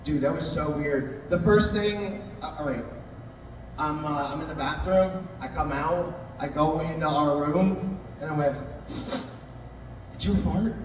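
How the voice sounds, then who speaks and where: A young stand-up comedian from an Italian-American family performs a live set, unhurried, his high voice jumping higher and shouting in quoted outbursts as he teases audience members. The venue's booming hall echo is captured from far off, with audience noise.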